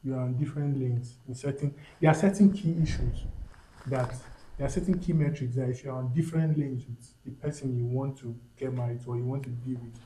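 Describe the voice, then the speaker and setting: A man's voice: mid-range voice, steady tone, brisk, warm tone, slight background noise. A man with a Nigerian accent, a guest on a casual podcast discussion, talking emphatically, repeating himself and slipping into pidgin phrases. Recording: roomy echo.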